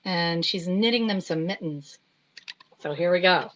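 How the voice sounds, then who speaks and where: A woman artist hosting a children's story time, chatting gently with many ums. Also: fairly low pitch, measured pace, muffled recording, noisy background. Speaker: artist reading picture books to children. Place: home.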